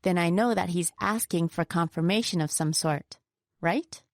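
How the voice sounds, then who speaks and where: A woman co-hosting a scripted pronunciation lesson. Her voice sits lower than most women's, and she explains each point clearly. The recording is dry and close. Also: normal speed, no echo. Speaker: pronunciation teacher.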